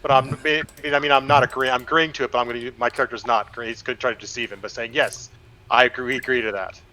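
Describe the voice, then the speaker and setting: A man's voice: medium pitch, level tone, rapid-fire, sharp tone, a little hiss or hum, poor audio. Chill guy player explaining his moves at the game table. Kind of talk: casual tabletop play.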